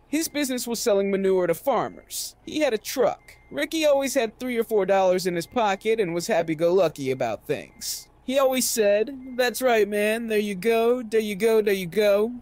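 A man reading a novel aloud as narrator, with an expressive delivery. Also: high voice. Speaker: audiobook narrator.

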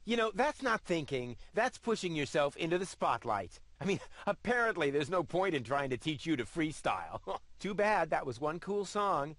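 A man's voice: a little high, sing-song, moderate pace, fairly bright tone, dry recording. A man voicing a cocky, sarcastic young male game hero who teases others in a smug way. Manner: smug and sarcastic, teasing, sings a boastful rap. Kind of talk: video game voice acting.

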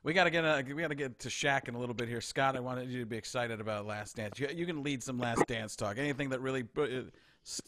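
A man hosting a podcast interview, asking questions like an excited fan and laughing often. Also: mid-range voice, quick pace. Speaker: podcast host. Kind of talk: casual interview chat.

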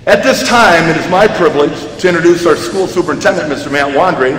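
A man's voice: a little high, fast, a bit bright. A man giving a casual, joking graduation speech as the school's principal, telling a story and acting out its voices. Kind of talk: informal commencement speech. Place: large arena. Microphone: PA microphone heard in a big hall. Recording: echoey arena with long reverb.

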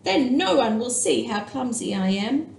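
A woman voicing a shy, confused young female bat in a storybook read-aloud, in a bright, wide-eyed tone. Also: a little high, lively intonation, unhurried, creaky, roomy sound, slight background noise. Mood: earnest.

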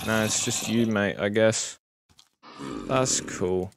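A man's voice: fairly low pitch, fairly even intonation, slow pace. A man streaming a video game, rambling casually and swearing as he plays. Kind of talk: casual live-stream commentary. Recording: noisy home stream recording.

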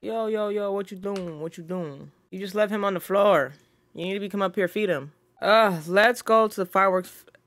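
This gaming host reads on-screen text out loud and chides the characters during laid-back let's-play commentary recorded at home. The medium-pitched, slightly bright voice comes through dry and studio-clean.

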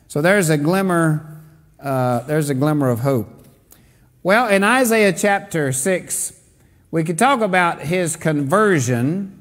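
A man's voice: fairly high pitch, lively intonation, measured pace. A man, a pastor, leading a Bible study, reading scripture aloud and then explaining it plainly. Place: church. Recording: church hall reverb.

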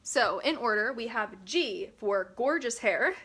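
A young woman with a high, sharp, bright voice chats casually to camera, giggling and teasing herself as she reads out old school papers. Her delivery is playful and self-mocking, with a sarcastic edge. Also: expressive, unhurried, slightly rough. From Pennsylvania, US. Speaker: vlogger. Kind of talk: casual vlog chat, reading old school papers aloud.

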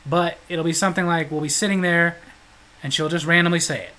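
A man's voice: a little high, a little fast, rough recording. A man hosting his own show, telling comic stories with jokes and frequent laughter. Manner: joking, animated, laughs often. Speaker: host. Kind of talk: comedic storytelling.

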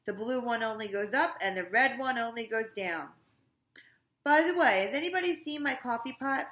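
A woman voicing a fussy, bossy male school principal who lectures loudly and is pleased with himself, in an echoey room. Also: on the high side, lively intonation, normal speed, pitched above the performer's own voice. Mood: pompous. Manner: loud, lecturing, self-satisfied.

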